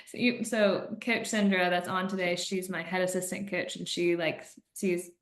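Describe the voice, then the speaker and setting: A woman in her thirties hosting a podcast, telling stories in a chatty, animated way with frequent laughs. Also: lowish voice, moderate pace. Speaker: podcast host and coach. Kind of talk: casual podcast chat. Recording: roomy echo.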